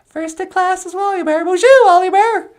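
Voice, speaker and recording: A man's voice: very high-pitched, normal speed, pitched above the performer's own voice. A man voicing a perky, cheerful woman sidekick with a bubbly, chirpy manner. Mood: cheery.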